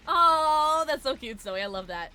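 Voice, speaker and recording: A woman's voice: high voice, bright, forceful tone. A young woman streaming a game, chatting casually and giggly with her viewers. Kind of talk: casual gaming stream chat.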